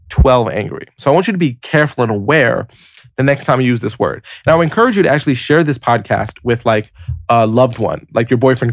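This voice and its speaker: Medium in pitch and recorded in an echo-free studio, this man's voice carries a motivational podcast. As host, he keeps it lively and casual, talking right to the listener, breaking ideas into steps, and using "like" and "you know" a lot.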